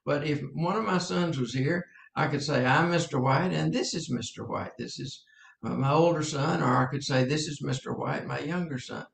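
Older male preacher, gravelly and a touch high, earnest and halting, in an echoey room. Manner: earnest, halting, with many fillers and repeats. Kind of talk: teaching sermon.

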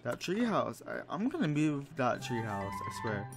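A man's voice: medium pitch, wildly swooping pitch, moderate pace, music in the background. A man giving casual commentary while playing a life-sim game, exasperated and dramatic, mock-scolding the characters. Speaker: let's play gamer. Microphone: desk microphone.

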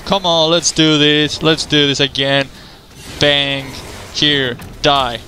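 A man giving profane, excitable commentary over his own gameplay, trash-talking opponents and breaking into laughter and yelps. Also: takes it slowly, slight background noise. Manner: frequent laughter and sudden high yelps. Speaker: gamer recording his own match.

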